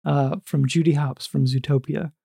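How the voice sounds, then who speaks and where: A man hosting a casual podcast, joking quickly and a little out of breath, recording in a small booth. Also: a little high, steady tone, creaky, dark tone, breathy edge, dry recording, studio quality. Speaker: podcast host.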